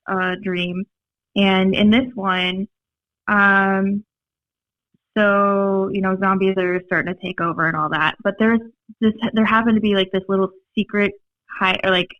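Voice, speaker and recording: A young woman with a Minnesota accent, a podcast guest telling stories in a rambling, animated way, full of fillers and laughs. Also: medium pitch, a little slow, no room sound. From Minnesota, USA. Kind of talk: casual storytelling chat. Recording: dry, slightly dull podcast audio.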